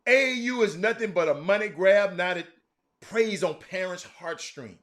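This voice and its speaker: A man hosts a casual sports talk livestream. His bright, sharp voice sits high for a man. He talks in animated bursts, repeats names and restarts his sentences. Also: moderate pace. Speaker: sports talk show host. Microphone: streaming mic.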